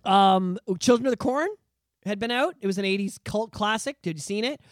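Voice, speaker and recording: A man in his thirties co-hosting a casual podcast, an excitable storyteller who swears freely. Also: sits high, a little fast, no echo, clean studio sound. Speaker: podcast co-host.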